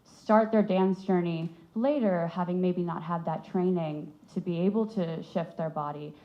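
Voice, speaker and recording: A woman's voice: fairly low pitch, steady tone, moderate pace, lo-fi sound. A woman in the audience at a film Q&A, a dancer herself, asking long questions politely and earnestly.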